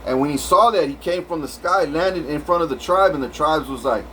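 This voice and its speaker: Rambling profane man, somewhat high voice. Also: brisk, few pauses, fairly bright tone, slight background noise, poor audio. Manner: rambling, profane, many restarts. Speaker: vlogger. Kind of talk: rambling dream story.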